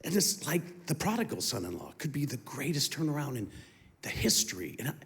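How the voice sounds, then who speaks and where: A man's voice: medium pitch, sing-song, brisk, vocal fry, a bit bright. A middle-aged man giving a heartfelt testimony that swells into impassioned emphasis. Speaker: guest speaker giving testimony. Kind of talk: emotional testimony.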